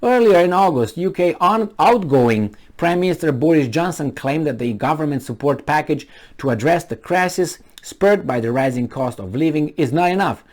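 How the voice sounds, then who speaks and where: Sarcastic man with a lively voice. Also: a little high, normal speed. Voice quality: sarcastic, mocking, emphatic. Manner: talks back to the news, with scattered laughs and asides. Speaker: video commentator. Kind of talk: sarcastic news commentary.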